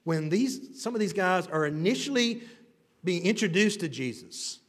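A male pastor preaching a sermon with emphatic, rising and falling delivery, swinging between loud declarations and hushed lines. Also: high-pitched, lively intonation, normal speed. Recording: long reverb of a large hall.

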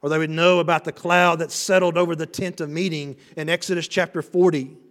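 Male pastor, expository preaching, higher register, emphatic swells; reverberant sanctuary. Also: level tone, fairly quick, a bit bright. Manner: builds to emphatic, rising passages then drops low. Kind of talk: expository sermon. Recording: reverberant hall.

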